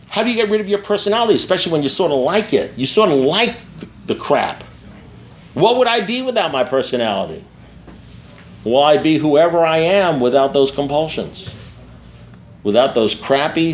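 An older man addresses a room at a recovery meeting, talking bluntly and confessionally. He swears freely, circles back to the same phrases, and keeps asking whether his listeners follow him. His voice sits at an ordinary middle pitch over a faint hum of background noise. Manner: blunt, repetitive and profane, with frequent asides to the listeners. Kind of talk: candid personal talk to an audience.

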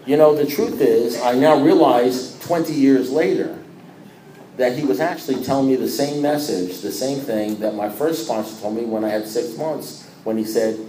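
A man in a roomy, echoey space tells his recovery story at a meeting, acting out conversations with lots of back-and-forth repetition. His voice sits at an ordinary middle pitch, and a faint hum of ambience hangs behind him. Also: normal speed. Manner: animated storyteller who acts out dialogue with repetition.

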